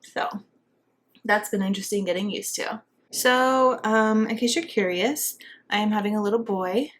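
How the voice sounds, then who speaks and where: A young woman with a lilt rambles cheerfully through a casual makeup tutorial. She is pregnant and a bit out of breath as she talks. Her delivery is chatty, full of fillers and asides, with a pitch in the ordinary middle range. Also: normal speed. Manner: chatty, bubbly, filler-heavy. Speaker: beauty vlogger.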